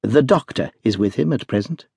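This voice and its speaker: A man reading the lines of a calm, mild-mannered priest in a storybook. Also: on the low side, moderate pace, creaky, husky, no echo, studio quality, heavily acted.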